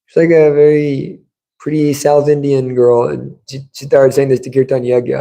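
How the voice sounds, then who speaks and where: A man's voice: mid-range voice, steady tone, normal speed, vocal fry, warm tone, low-quality recording. A man giving a scripture class in a temple, telling stories in a casual conversational way. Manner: conversational storytelling, acts out quotes. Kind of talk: sermon. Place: temple room.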